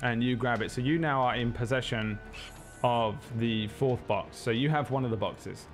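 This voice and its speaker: A man runs a tabletop game, rambling and joking between fillers. His voice sits at an ordinary middle pitch, with faint music under it. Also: normal speed. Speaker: game master.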